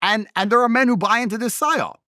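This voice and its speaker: A man's voice: fairly quick, no room sound, clean studio sound. A man in his thirties, an interview guest arguing emphatically in a heated conversation, with a mocking edge. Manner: emphatic, mocking, lively pitch swings.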